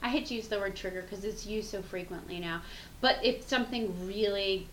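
A woman's voice: mid-range voice, fairly quick. Frank, chatty woman in a roomy space. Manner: frank, reflective, laughs easily, swears casually. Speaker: podcast co-host. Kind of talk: casual conversational chat. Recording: roomy sound with faint background hum.

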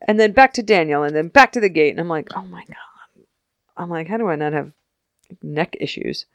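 A young woman co-hosting a podcast, chatting casually about a TV episode and acting out the characters in quick voices, laughing often. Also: deep voice, expressive, dry recording. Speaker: podcast co-host recapping a TV episode. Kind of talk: casual chat.

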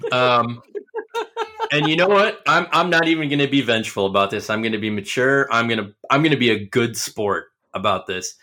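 Bright-voiced man hosting a chat. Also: mid-range voice, moderate pace. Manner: joking, mock-dramatic ribbing. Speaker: podcast host. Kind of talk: casual chat.

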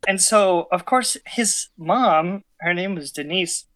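A man's voice: sits high, expressive, slow, sharp tone. A man in casual chat, telling a story animatedly with many fillers and restarts.

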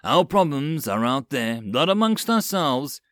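A man voicing a gruff mercenary captain who barks orders, in a dry audiobook reading. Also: a little high, big pitch swings, unhurried, dry recording. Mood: commanding. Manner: barking orders.

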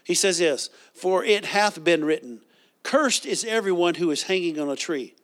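A man's voice: high voice, animated, moderate pace, a bit bright. A man preaching a sermon, reading scripture and leading the congregation in call-and-response.

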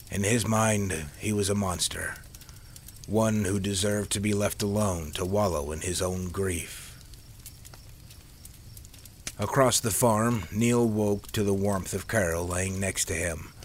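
Brief: low-pitched man, measured audiobook storytelling, faint hiss. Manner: steady, measured reading. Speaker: narrator.

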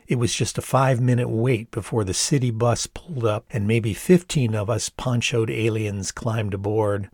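An older man in his sixties narrates his own memoir in a measured, reflective and candid way. His voice sits on the low side and is recorded dry and close, with no room echo around it. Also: a little mellow. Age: 60s. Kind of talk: audiobook narration.

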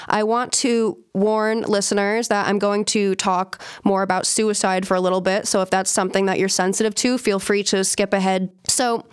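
Smooth-voiced woman hosting a podcast. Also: mid-range voice. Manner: conversational, storytelling with asides. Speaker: podcast host. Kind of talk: casual podcast chat.

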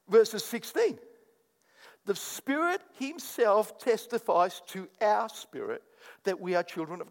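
A man preaching a sermon as pastor, swinging from quiet asides to loud, animated bursts and mock prayers. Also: sits high, big-room sound.

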